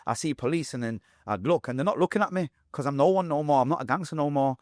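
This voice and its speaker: A man's voice: a little high, animated, quick pace, a little mellow, no room sound, studio quality. A man with a Manchester accent telling his life story as an interview guest, emotional and blunt with street slang. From England.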